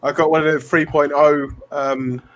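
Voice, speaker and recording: A man's voice: on the high side, flat delivery, moderate pace, a bit bright. A man co-hosting a fan football live stream, getting wound up over sloppy play. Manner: gets wound up about missed chances. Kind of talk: casual football chat.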